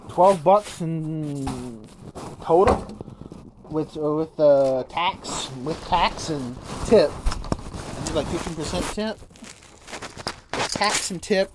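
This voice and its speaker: A woman talks casually to her vlog audience, rambling along and often restarting her sentences mid-thought. Her voice sits at an ordinary middle pitch. Heavy wind noise roars across the microphone the whole time. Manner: rambling, with many restarts and repeated words. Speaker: vlogger. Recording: loud wind noise on the mic.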